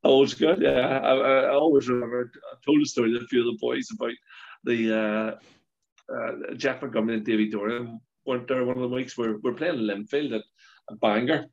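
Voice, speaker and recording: Middle-aged Northern Irish ex-footballer, loose chatty anecdotes, muffled lo-fi audio. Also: male voice, medium pitch, fairly even intonation, fairly quick, gravelly, a little mellow. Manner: rambling anecdotes with frequent laughs and restarts. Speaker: former footballer guest. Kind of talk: casual storytelling chat. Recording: dull lo-fi sound.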